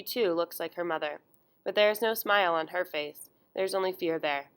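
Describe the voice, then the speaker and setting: A woman reading a first-person story aloud in a measured, emotional way. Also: mid-range voice, fairly bright tone. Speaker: audiobook narrator. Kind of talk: first-person audiobook narration.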